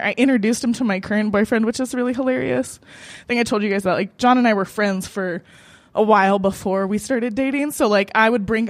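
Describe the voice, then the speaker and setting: A young American woman with a slightly high voice hosts a live open mic at a cafe. She tells a personal story, laughing often and swearing a lot in an animated way. There's no echo.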